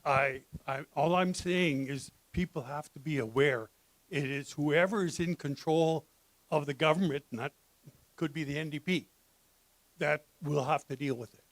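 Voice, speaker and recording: A man's voice: on the high side, normal speed, no room sound, low-quality recording. A man in the audience objecting bluntly to a panel speaker, starting hesitantly. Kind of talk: live panel exchange.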